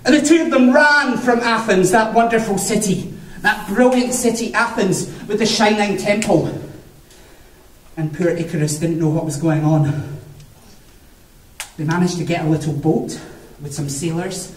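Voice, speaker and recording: A man's voice: high-pitched, moderate pace, far from the mic, a little hiss or hum. A man telling a myth to a live audience in a playful, theatrical way, often chuckling. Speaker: storyteller. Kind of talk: live storytelling for a family audience. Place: cave. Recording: echoey cave, voice from afar.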